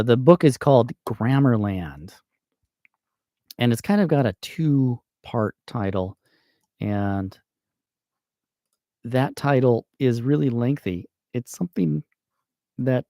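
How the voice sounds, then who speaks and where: American guy slowly thinking out loud about grammar, lowish voice, dry close sound. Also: no room sound. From United States. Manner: slow and thinking aloud, with fillers and self-corrections. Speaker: channel host. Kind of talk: casual grammar explainer livestream.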